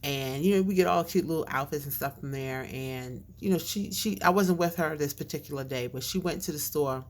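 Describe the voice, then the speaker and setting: A woman with a low, dark voice tells a personal story to her camera. She talks casually, full of fillers and side comments. Her words come out slightly mushy from a chain in her mouth. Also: brisk, a little hiss or hum. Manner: chatty, with fillers and asides. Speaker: vlogger.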